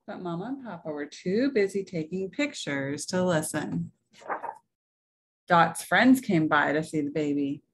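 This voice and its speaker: A woman reading a picture book aloud to children, gently explaining words as she goes. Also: lowish voice, animated, a little slow. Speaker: story reader for children at church.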